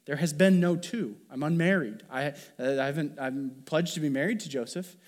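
An anxious young woman, fearful of being shunned, asks one worried question after another, as a male preacher voices her. The voice stays fairly high and plain. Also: normal speed, darkish tone, natural voice.

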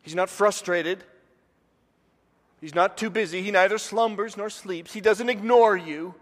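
A man in his forties preaches with a high voice. He tells stories from his home and mimics his family's voices. The sound rings with a long hall reverb. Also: a little slow. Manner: storytelling, imitates family voices. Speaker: pastor. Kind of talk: sermon.

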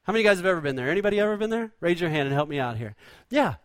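A man's voice: high-pitched, animated, rapid-fire, dry recording. A man preaching a sermon in a folksy, conversational way, full of rhetorical questions. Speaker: pastor.

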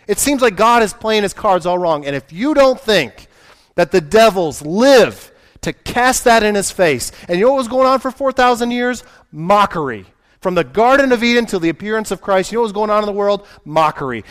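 A man's voice: sits high, expressive, fairly quick. A man preaching a sermon in a conversational way, asking his listeners questions and acting out the voices he quotes.

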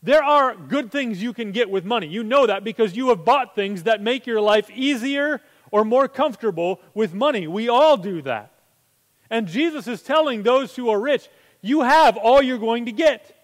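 A man's voice: very high-pitched, expressive, moderate pace, long reverb tail. A man preaching a sermon as pastor, conversational and full of rhetorical questions.

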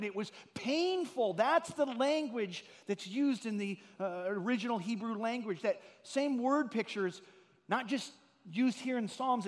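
A middle-aged man preaching a sermon as a pastor, telling stories earnestly and rising to loud, emphatic peaks. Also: very high-pitched, long reverb tail.

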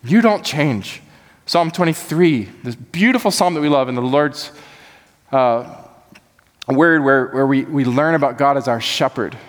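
A man's voice: mid-range voice, moderate pace. Earnest male pastor preaching in a reverberant hall. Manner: earnest, building to impassioned emphasis. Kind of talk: sermon.

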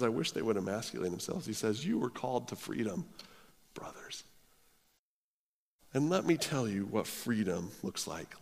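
A pastor preaching a sermon, swinging from hushed low phrases to loud, pressing lines as he quotes scripture. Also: big-room sound.

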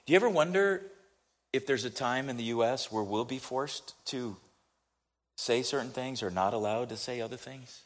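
Animated American man telling a story. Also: medium pitch, moderate pace. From United States. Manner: animated, chatty storyteller who asks listeners questions. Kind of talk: storytelling sermon.

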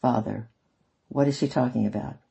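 A man's voice: mid-range voice, steady tone, moderate pace, gravelly, warm tone, husky, heavily acted. A man reading aloud, voicing a bewildered young man questioning his father. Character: confused young man, a son.

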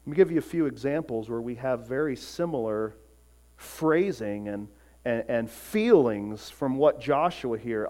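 A man preaching a sermon, earnest, swinging from emphatic peaks to quiet, soft passages. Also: medium pitch, lively intonation, a little slow. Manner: acts out short voices in quotes. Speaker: pastor.

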